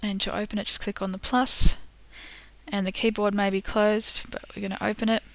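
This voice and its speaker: A woman's voice: mid-range voice, flat delivery, fairly quick. Patient woman explaining step by step. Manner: patient, step-by-step, with frequent ums. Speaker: teacher. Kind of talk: screen-recorded software tutorial.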